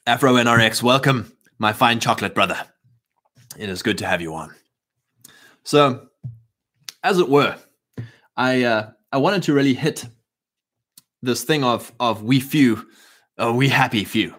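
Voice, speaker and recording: A man's voice: mid-range voice, lively intonation, unhurried, pauses often, fairly bright tone. A South African man hosting a livestream in a fervent, rambling, preachy monologue, with many restarts and a lingering cough. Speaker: livestream host.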